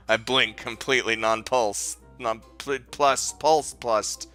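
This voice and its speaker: A man's voice: medium pitch, steady tone, takes it slowly, pushed and bright, soft background music. A man playing a visual novel, reading the story aloud and adding casual, swearing commentary with laughs and restarts. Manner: casual, swears, laughs, breaks off mid-sentence. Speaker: let's play host.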